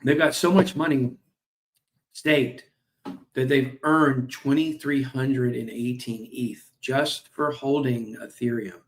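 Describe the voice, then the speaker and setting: A man's voice: medium pitch, fairly even intonation, takes it slowly, slight background noise. A man hosting a crypto stream, casually reading and commenting on company news with jokey asides, fillers and apologies, sounding a little tired. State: tired, yawning. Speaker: crypto show host. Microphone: streaming mic.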